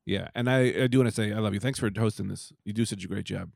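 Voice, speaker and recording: A man's voice: on the low side, fast talker, gravelly, a little mellow, no room sound, clean studio sound. A man hosting a casual comedy podcast, joking crudely and rambling. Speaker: podcast host.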